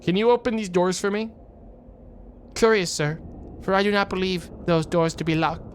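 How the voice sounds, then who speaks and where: A man voicing a pompous, old-fashioned formal gentleman who speaks in stilted, measured, archaic phrasing. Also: high-pitched, steady tone, slight background noise, close to an everyday voice. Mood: stately.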